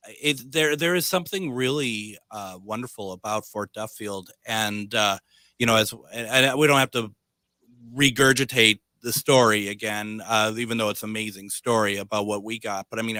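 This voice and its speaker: Bright-voiced teasing male radio host. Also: fairly low pitch, no echo. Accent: Midwestern American. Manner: joking, teasing, halting with many uhs. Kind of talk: casual radio chat.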